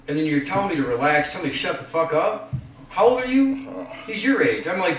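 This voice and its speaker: A man telling rambling, profane stories in casual chat, growing loud and heated. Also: on the high side, animated, fairly quick, far from the mic, slight background noise. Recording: echoey room, voice off-mic.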